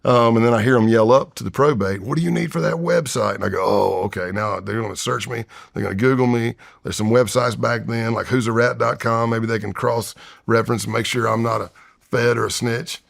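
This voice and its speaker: Gravelly and mid-range, his voice holds a steady tone at a slightly fast clip. He's a retired FBI undercover agent in his fifties, guesting on a podcast and telling a tense story in a long-form interview, performing his former voice and whispers.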